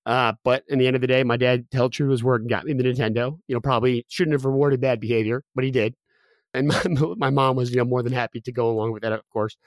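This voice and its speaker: A man's voice: medium pitch, steady tone, fast, no room sound, studio quality. A young man telling a personal story as a guest, candid and full of fillers and restarts.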